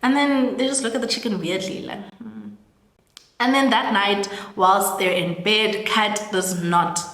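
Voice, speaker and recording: A young South African woman recaps a story in a chatty, meandering way, peppering her talk with "like". Her mid-pitched voice bounces around a roomy space with a long reverb tail. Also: normal speed, a bit bright. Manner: chatty, full of "like" and laughing asides. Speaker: storytelling host. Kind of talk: casual film recap.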